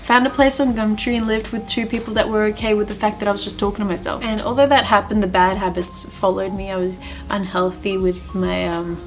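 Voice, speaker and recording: A woman's voice: medium pitch, fairly even intonation, fairly quick, slight background noise. Chatty woman vlogging. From Australia. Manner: chatty, upbeat and self-deprecating. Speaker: streamer and YouTuber. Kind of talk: casual vlog narration.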